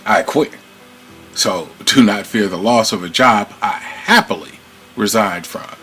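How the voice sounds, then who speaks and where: A man with a fairly low voice reads a formal letter of complaint aloud. His delivery is measured and aggrieved, with faint music playing behind him. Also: fairly bright tone, low-quality recording. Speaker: former retail employee. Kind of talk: reading an open letter to camera.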